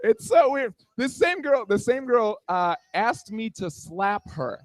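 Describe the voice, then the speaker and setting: A man's voice: very high-pitched, animated, measured pace, no room sound. A man in his twenties doing a stand-up comedy set on a small bar stage, self-deprecating and riffing on the room around him. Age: 20s.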